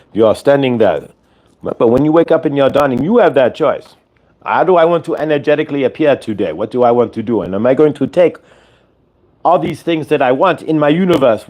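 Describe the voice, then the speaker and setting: A man's voice: mid-range voice, darkish tone. A man hosting a show, giving a channeled spiritual teaching that speaks as "we" and circles back to repeat its points. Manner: speaks as a collective "we", repetitive and instructive.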